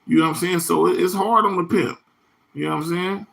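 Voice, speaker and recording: A man's voice: sits high, steady tone, brisk, gravelly, fairly bright tone. Rambling, profane man hosting a livestream. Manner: rambling, profane, slangy, answers chat comments by name. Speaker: livestream host. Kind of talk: casual livestream chat with viewers.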